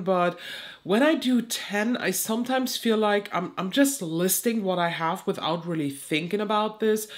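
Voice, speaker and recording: A woman with a cold and a blocked, nasal voice, chatting casually as she reviews products in a beauty vlog and often restarts her phrases. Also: medium pitch. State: stuffy nose from a cold. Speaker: beauty YouTuber.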